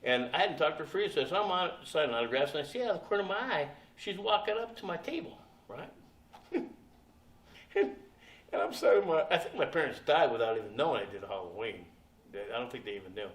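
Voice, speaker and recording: His voice runs a little high, quick-paced and lively in intonation as this man in his sixties, a convention panel guest, tells a profane anecdote, laughing as he mimics the people involved. It's captured from afar in an echoing room.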